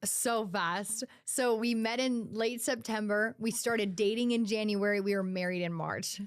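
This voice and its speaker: A woman's voice: medium pitch, fairly even intonation, measured pace, dry recording, studio quality. A young woman speaking as an interview guest, sharing her testimony in candid, earnest talk full of "like". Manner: earnest, heavy use of "like".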